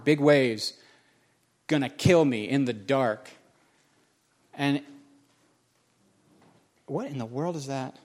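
Emphatic storytelling male pastor, higher voice. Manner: storytelling, self-mocking humor, emphatic repetition. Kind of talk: sermon.

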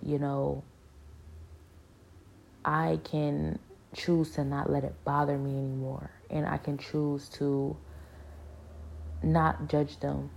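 Low, gravelly woman sharing her testimony. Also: darkish tone, slight background noise. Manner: halting, many restarts and fillers, earnest. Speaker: speaker sharing a spiritual experience. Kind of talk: personal testimony, casual monologue.

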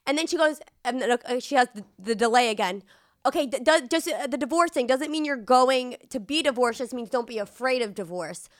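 A woman's voice: high-pitched, brisk. A woman hosting a podcast, telling a story in casual, playful chat. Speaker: podcast host.

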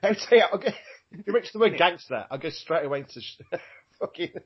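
A man's voice: fairly high pitch, lively intonation, a little fast, husky. A man co-hosting a casual podcast, giggly and sweary, with playful put-on bits. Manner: giggly, sweary, does silly voices. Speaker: podcast co-host. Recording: dull lo-fi recording.

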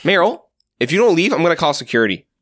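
A man voicing a gruff, grumpy male meat-stand vendor, curt and exasperated. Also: fairly high pitch, very animated, fast talker, a bit bright, voice pushed up.

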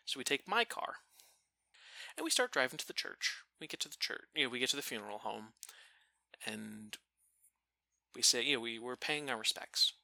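A man casually telling a funny family story, animated and profane, laughing now and then. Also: mid-range voice, fast talker, dry recording. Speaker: storyteller guest.

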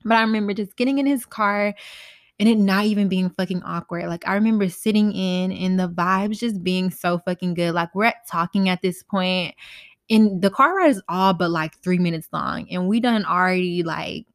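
A woman's voice: lowish voice, normal speed, no room sound. Young woman spilling tea from her bedroom, slangy and cussing, dry close sound. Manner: candid, slangy and profane, animated quoted voices. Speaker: podcast host. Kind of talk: casual storytime chat.

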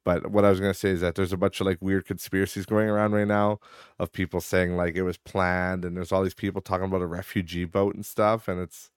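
A man's voice: deep voice, level tone, fast talker, clean tone, dry recording, studio quality. A man hosting a podcast in casual rambling chat, swearing and laughing often, sounding tired. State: tired, yawning. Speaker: podcast host.

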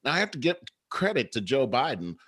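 A man hosting a talk show, telling political stories in a measured, conversational way. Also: mid-range voice, very animated, fairly bright tone, slightly rough, dry recording. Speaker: show host. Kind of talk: casual political commentary.

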